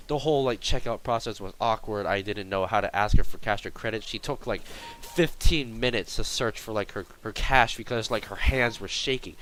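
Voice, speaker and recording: A man's voice: mid-range voice, normal speed, fairly bright tone, a little hiss or hum, poor audio. A young man telling a workplace story in a casual, rambling vlog style, full of fillers and exaggeration.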